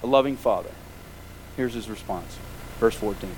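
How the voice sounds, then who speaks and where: A man's voice: fairly high pitch, sing-song, moderate pace, slight background noise, poor audio. A man preaching a sermon as pastor, emphatic and full of rhetorical questions.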